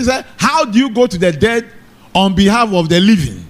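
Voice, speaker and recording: A man preaches in church, his voice sitting high for a man. He keeps checking in with his congregation, asking if they are together and calling for an amen. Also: lively intonation, moderate pace. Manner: call-and-response preaching, asks the congregation for amen. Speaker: pastor. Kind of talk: sermon.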